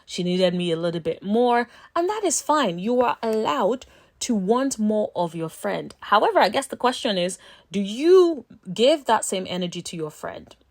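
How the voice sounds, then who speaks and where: A woman's voice: mid-range voice, moderate pace. Chatty woman recapping reality TV. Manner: animated storytelling, acts out friends' voices. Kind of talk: casual commentary.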